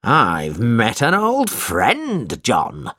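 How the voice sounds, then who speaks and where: A man voicing a cruel, gloating schoolmaster who shouts and bullies. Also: medium pitch, wildly swooping pitch, drawn-out words, no room sound, studio quality, heavily acted. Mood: bullying. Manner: bullying, shouting.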